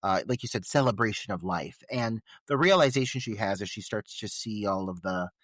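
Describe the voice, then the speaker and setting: A man's voice: on the low side, animated, brisk, a bit bright, no echo. A man co-hosting a podcast who talks about a film with enthusiastic, laugh-filled remarks and many fillers. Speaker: podcast co-host. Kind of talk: casual film discussion.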